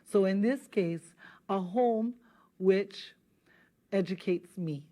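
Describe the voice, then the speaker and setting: Woman, patient studio language teacher, repeats words slowly. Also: medium pitch, warm tone. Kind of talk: televised language lesson.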